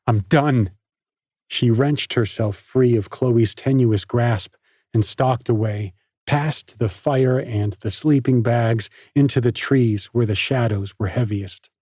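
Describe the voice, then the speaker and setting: A man narrating an audiobook in a measured, even storytelling manner on a studio microphone. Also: mid-range voice, no echo. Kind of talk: scripted narration.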